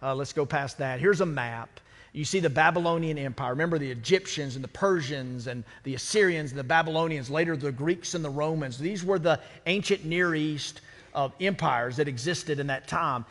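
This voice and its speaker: A man's voice: on the high side, normal speed, fairly bright tone. A man preaching a sermon as pastor, conversational and full of rhetorical questions. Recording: church sanctuary with long reverb.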